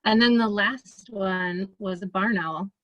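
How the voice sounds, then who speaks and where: A woman with a Midwestern American accent, an ornithologist giving a relaxed, chatty presentation over a video call, full of fillers and restarts. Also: medium pitch, slow pace, no room sound, lo-fi sound. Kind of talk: casual presentation.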